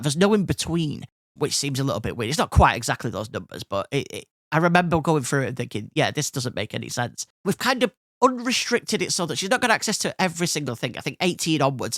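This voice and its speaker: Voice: medium pitch, fairly bright tone, no echo, clean studio sound. A host in their thirties or forties, telling a rambling anecdote in a casual monologue, with frequent restarts. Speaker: podcast host.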